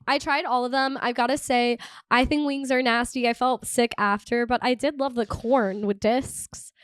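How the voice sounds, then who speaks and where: Chatty woman podcast host, bright voice. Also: on the high side, fairly even intonation, clean tone, no room sound. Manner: fast, chatty, self-deprecating. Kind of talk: casual chat and synopsis reading.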